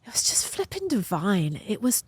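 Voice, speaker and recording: A woman's voice: medium pitch, huge pitch swings, moderate pace, slightly rough. A middle-aged woman co-hosting a casual podcast, telling stories in an effusive, emotional way, recorded outdoors at home. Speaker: podcast co-host.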